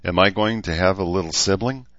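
A man's voice: low-pitched, a little fast, fairly bright tone, no room sound, voice pushed up. Guy putting on a fretful young daughter in a story, voice pushed up, kinda muffled dry audio. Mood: exasperated. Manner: raised, strained, exasperated. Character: young adult woman, anxious, blunt daughter.

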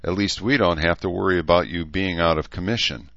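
Audiobook: male narrator doing a tired, dry-witted mother, deep voice raised slightly, flat dull audio. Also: a little fast, no room sound. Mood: weary. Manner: dry, exasperated. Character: middle-aged woman doctor, weary and sardonic mother.

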